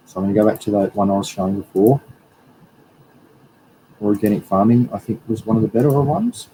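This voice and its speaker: A plant scientist hosts a live stream, chatting loosely, rambling and correcting himself as he reads through slides. His lowish, dark voice runs a little fast, and the low-quality recording carries slight background noise.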